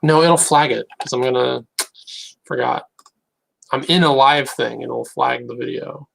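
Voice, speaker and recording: A man's voice: mid-range voice, measured pace, vocal fry, fairly bright tone, slight background noise, low-quality recording. A man chatting casually to viewers on a live stream, rambling and hesitant with many restarts. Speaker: YouTuber.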